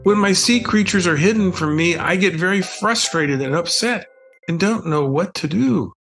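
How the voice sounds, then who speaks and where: A man's voice: sits high, normal speed, a bit bright, faint music behind, pitched above the performer's own voice. A man voicing a frustrated, whiny little boy cousin in a storybook. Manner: whiny, upset.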